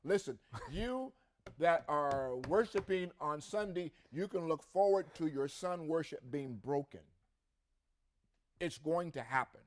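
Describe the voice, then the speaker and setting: Man, podcast co-host, scripture reading, emphatic delivery, somewhat high voice. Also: animated, a little slow. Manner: reads scripture aloud with rising emphasis, then comments. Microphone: podcast mic.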